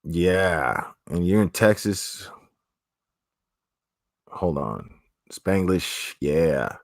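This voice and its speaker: A man's voice: low-pitched, lively intonation, slow pace, a bit bright, no room sound, clean studio sound. A man from South Florida with a South Florida accent, chatting casually on a livestream and answering comments in a rambling, profane way with many restarts. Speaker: streamer.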